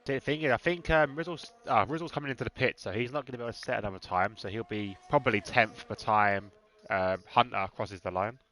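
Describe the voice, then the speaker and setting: A man's voice: medium pitch, brisk, pushed and bright. A man commentating a sim-racing event live, chatty and often laughing as he trades banter with his co-host. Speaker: race commentator.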